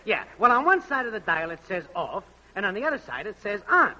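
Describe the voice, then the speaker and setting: A man playing a brash, wisecracking network technician in a 1940s radio comedy, with loud wise-guy patter. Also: high-pitched, big pitch swings, a little fast, exaggerated voice. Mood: bossy. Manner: loud brassy wise-guy patter, repeats a singsong test call. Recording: dull old radio broadcast with faint hiss.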